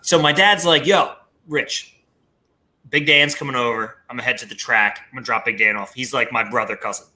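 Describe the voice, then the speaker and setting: A man, hosting a podcast and telling a story in lively casual chat, swearing freely. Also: mid-range voice, fast talker, hardly any pauses. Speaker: podcast host.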